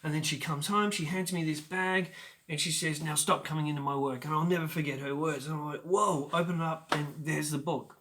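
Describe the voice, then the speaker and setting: A man in his forties hosting his own show, telling a personal story in a chatty, animated way with sudden loud bursts. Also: fairly high pitch, a little fast, slight background noise. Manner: animated, acts out scenes with sudden loud outbursts; chatty with frequent fillers and restarts. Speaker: show host.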